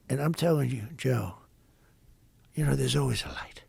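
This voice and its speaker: Gravelly older man, rambling storyteller. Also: mid-range voice, steady tone, moderate pace, a little mellow, no echo. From United States. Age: 70s. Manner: rambling, repetitive, heavy on superlatives. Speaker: podcast guest. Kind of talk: casual storytelling in a podcast interview.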